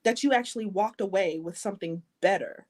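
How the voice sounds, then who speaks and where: Woman host, mid-pitched, emphatic and faith-driven. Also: fairly quick. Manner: emphatic, faith-based encouragement. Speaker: talk show host. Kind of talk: conversational interview.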